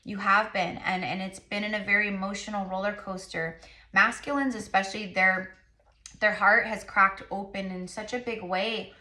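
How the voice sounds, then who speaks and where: Bright-voiced woman giving a tarot reading. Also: medium pitch, steady tone, moderate pace, reverberant. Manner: rambling, many fillers, repeated affirmations. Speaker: tarot reader and psychic. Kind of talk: casual spiritual reading to camera.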